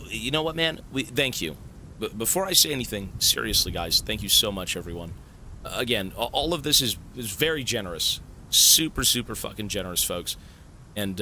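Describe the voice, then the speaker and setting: A man talking to his stream viewers in a bright, forceful, animated voice. He is excitable and swears freely, breaking into surprised shouts. A faint rumble sits under the home desk recording. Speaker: Twitch streamer. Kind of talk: live stream chat with viewers.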